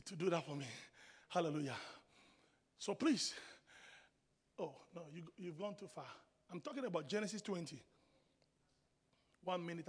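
A man preaching a sermon, swinging from hushed asides to shouted declarations. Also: sits high, slightly rough. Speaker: pastor. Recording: long hall reverb.

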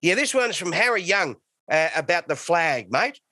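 A man's voice: high voice, sing-song, moderate pace, pushed and bright, no echo. Blunt, swearing Australian man on a call. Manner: blunt, swearing, joking banter. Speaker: podcast co-host. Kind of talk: casual podcast chat. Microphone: video call.

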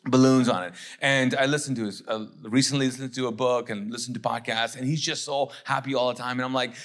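A middle-aged male pastor preaching a sermon at an ordinary mid pitch. He talks to the congregation like a friend, repeating key phrases for emphasis. He voices his listeners' doubts in quick asides. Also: fairly even intonation. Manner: conversational, acts out listeners' objections in quick asides.

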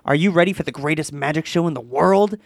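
A man reading a story aloud while voicing a manic adult man who plays a stage magician, shouting in a theatrical showman manner. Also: on the high side, quick pace, vocal fry, no room sound, studio quality.

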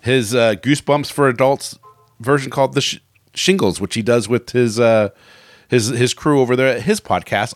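A man's voice: medium pitch, no room sound, clean studio sound. A man hosting a podcast in a casual, rambling way, often laughing and restarting his sentences. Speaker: podcast host.

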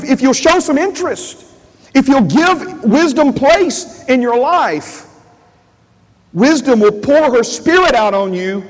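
A man's voice: very high-pitched, in a large hall, low-quality recording. A male pastor preaching a sermon, repeating phrases and asking the congregation questions. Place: church.

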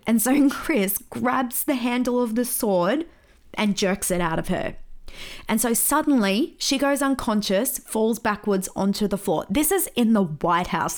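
A woman pastor teaches on her podcast by telling stories. Her voice sits in a middle pitch, and her manner is lively, with laughter slipping in as she tells her tale. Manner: lively storyteller, laughs at her own story.

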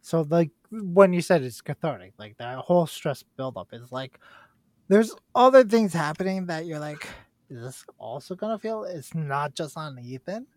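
An excitable podcast co-host breaking down a movie stunt, jumping into little voiced inner monologues. The pitch rises and falls a lot, and the mic is close and dry. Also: moderate pace, dry recording. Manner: excitable, acts out own thoughts in quotes. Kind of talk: casual movie chat.

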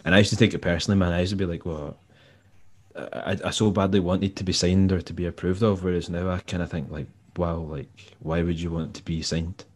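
Low, mellow Scottish man telling stories. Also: little pitch movement, a little fast. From Scotland. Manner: rambling, laid-back, acts out quoted dialogue. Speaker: podcast guest, musician and tour manager. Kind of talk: casual storytelling interview.

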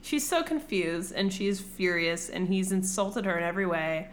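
A woman casually retelling a classic novel in an irreverent, animated way, swearing freely. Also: on the low side, normal speed, a little hiss or hum. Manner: irreverent, profane, animated storytelling. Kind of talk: casual comedic book retelling.

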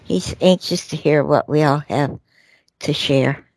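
Slow, low-voiced woman radio host. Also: darkish tone, dry recording. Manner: soothing, reassuring, drawn-out phrasing. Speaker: radio show host channeling messages. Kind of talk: casual spiritual radio talk.

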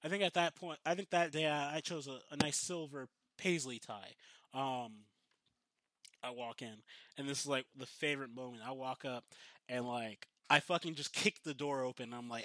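A man's voice: fairly high pitch, moderate pace, no room sound. A man casually telling a story with lots of swearing, acting out the lines of the people in it. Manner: profane, animated, acts out quotes.

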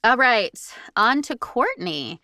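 A woman's voice: fairly high pitch, slow, no echo, studio quality. A woman co-hosting a podcast, reading a listener's ghost story aloud with expression and laughing along. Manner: animated, laughing, reads with expression. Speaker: podcast co-host. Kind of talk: reading listener stories, casual banter.

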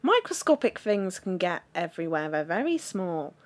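A woman's voice: fairly low pitch, moderate pace. A woman co-hosting a podcast in casual chat. She teases her co-host and laughs often. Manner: laughs often, teasing and animated.

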